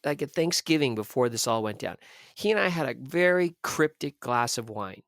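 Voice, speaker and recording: A man's voice: mid-range voice, moderate pace, no room sound, studio quality. A man from Southern California, a podcast guest, telling a personal story candidly and bluntly, with plenty of profanity and acted-out dialogue. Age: 30s. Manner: blunt, profane, animated storyteller who acts out quoted dialogue.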